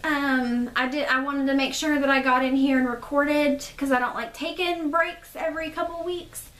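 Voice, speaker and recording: A woman's voice: high-pitched, fairly even intonation, moderate pace, a bit bright, echoey room. A young woman hosting her podcast in a casual chat, a little stuffy from allergies, rambling with fillers. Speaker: podcast host.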